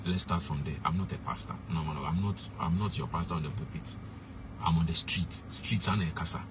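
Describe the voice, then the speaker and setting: A man's voice: low-pitched, a little fast, background noise. A young man, a street preacher giving blunt, emphatic advice and slipping into pidgin. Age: young adult.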